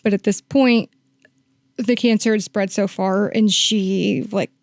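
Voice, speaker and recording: A woman's voice: mid-range voice, steady tone, slow pace, no echo. A woman working as a hospice nurse, telling a long story in a podcast interview, with many fillers and quoted lines acted out.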